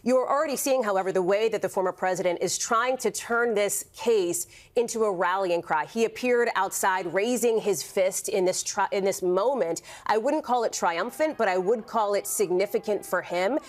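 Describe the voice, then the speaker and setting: A woman's voice: medium pitch, moderate pace, few pauses. A female correspondent giving live studio analysis, fluent and emphatic, addressing the anchor by name. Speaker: news correspondent.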